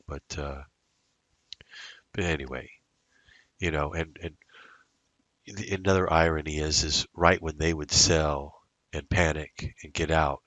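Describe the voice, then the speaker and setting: Sitting at his computer day trading, a man narrates his trades in a loose, casual ramble, muttering to himself and filling gaps with fillers. His pitch is extremely low, his tone fairly bright, and there's no echo.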